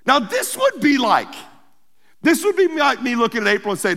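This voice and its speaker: A pastor preaching a sermon, telling the story in a humorous, lively way with playful asides. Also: male voice, very high voice, fairly quick, gravelly. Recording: long hall reverb.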